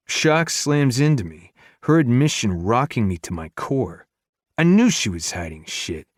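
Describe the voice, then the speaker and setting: A man narrating a romance audiobook in the first person, in a low, intimate, earnest way. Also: big pitch swings, measured pace, dry recording, studio quality.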